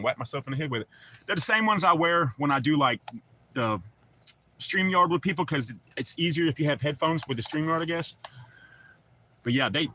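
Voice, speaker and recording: A man's voice: medium pitch, sharp tone, a little hiss or hum. A middle-aged man with a Southern accent chats loosely on a livestream, rambling and reading out viewer comments with casual swearing. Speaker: livestream host.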